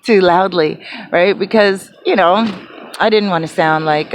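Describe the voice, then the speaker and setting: A woman's voice: fairly low pitch, steady tone, slow pace, background noise. A woman vlogging from her small apartment, telling a rambling story full of fillers and restarts. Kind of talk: casual chatty storytelling.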